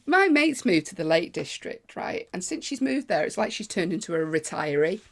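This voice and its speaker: A woman's voice: fairly low pitch, very animated, normal speed, creaky. A woman, co-hosting a podcast in casual chat, teasing and laughing easily. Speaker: podcast co-host.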